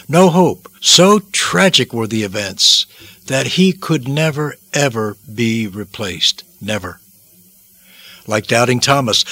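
A man's voice: medium pitch, bright, forceful tone, breathy edge, dry recording. A male preacher delivering a solemn, dramatic sermon with repeated phrases and sudden swells of emphasis.

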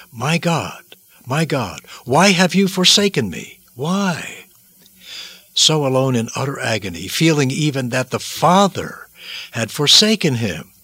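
A man preaching a dramatic sermon narration, solemn and theatrical, swinging between hushed and loud. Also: medium pitch, breathy edge, no echo.

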